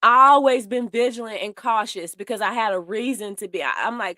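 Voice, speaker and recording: A woman's voice: fairly high pitch, a little fast, hardly any pauses, bright, forceful tone, no room sound, clean studio sound. A woman doing heated commentary, blunt and profane, speaking straight to her viewers in a way. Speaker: commentary host. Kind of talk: casual commentary.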